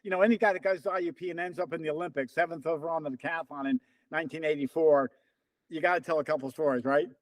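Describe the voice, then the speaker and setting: A man's voice: a little high, rapid-fire, no room sound, rough recording. A man around seventy, a former runner interviewed as a guest, telling stories and acting out the lines of the people in them. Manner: animated storyteller who acts out quoted dialogue. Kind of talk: casual storytelling interview.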